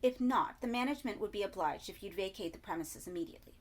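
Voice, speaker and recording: A woman's voice: medium pitch, lively intonation, fast talker, lightly acted. A woman voicing a snide male hotel receptionist whose put-on posh diction slips into a London accent. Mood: sneering. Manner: clipped, sneering, slipping into cockney.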